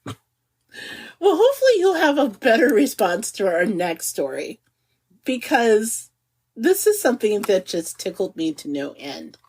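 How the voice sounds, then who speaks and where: Speak as a middle-aged woman co-hosting a casual podcast. Let your pitch bounce around freely, keep a soft husky edge, and stretch key words with a giggle underneath. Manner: animated, giggly, drawn-out emphasis. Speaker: podcast co-host. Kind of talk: casual chat.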